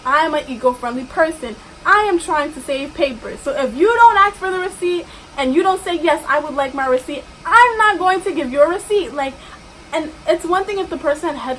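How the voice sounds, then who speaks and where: A young woman rants straight to camera about her job, exasperated and emphatic. Her voice sits high. A faint hiss runs under the recording. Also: a bit bright, poor audio. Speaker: vlogger. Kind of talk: ranting storytime vlog.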